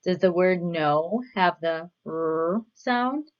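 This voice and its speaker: A woman teaching a children's phonics lesson, saying words clearly and asking patient questions. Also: lowish voice, animated, lo-fi sound. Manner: patient, asks questions and pauses for answers. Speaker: reading teacher.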